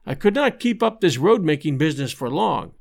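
Male narrator reading an old adventure book, pretty high voice, steady measured pace. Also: gravelly. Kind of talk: scripted audiobook narration.

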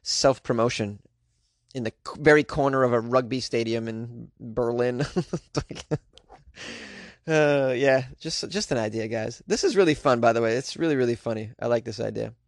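A man's voice: mid-range voice, normal speed, dry recording, studio quality. A man hosting a comedy news podcast, chatting casually with slangy asides and frequent laughs.

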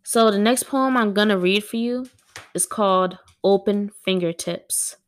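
A woman poet at home, reading her own poems aloud and chatting to her listeners between them, a bit dramatic and quick to laugh at herself. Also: mid-range voice. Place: at home with a dog on a wooden floor.

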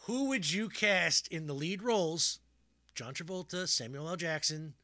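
Man, bright forceful voice, slightly high, rambling casual chat, laughs often, dry close sound. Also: measured pace, dry recording. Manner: rambling, animated, laughs often, trails off into restarts. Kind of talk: casual chat about movies.

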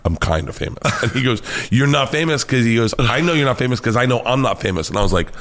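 A male comedian from the United States tells wild stories in a casual interview. He swears freely and gets animated, often breaking into laughter. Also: mid-range voice, quick pace. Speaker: comedian guest.

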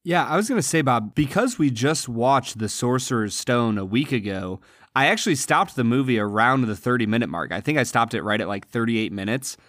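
A man's voice: medium pitch, animated, brisk, fairly bright tone, no echo, clean studio sound. A man co-hosting a podcast, earnestly discussing a film and its performances. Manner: earnest, admiring. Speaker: podcast co-host. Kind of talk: casual film review chat.

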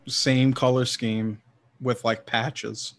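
A man's voice: medium pitch, level tone, slow pace, fairly bright tone. Laughing, profane male podcast co-host. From New Orleans. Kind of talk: casual chat.

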